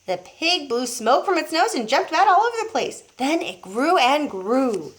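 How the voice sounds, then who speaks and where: Expressive woman reading aloud to kids. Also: sits high, moderate pace. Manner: expressive, showing pictures as she reads. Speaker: teacher. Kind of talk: reading a picture book aloud to children.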